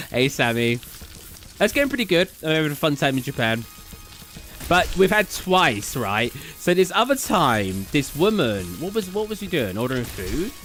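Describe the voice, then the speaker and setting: Lively British man chatting on stream. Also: a little high. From Britain. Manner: rambling anecdotes with many fillers and quick laughs. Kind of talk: casual live-stream chat while gaming. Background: faint game music.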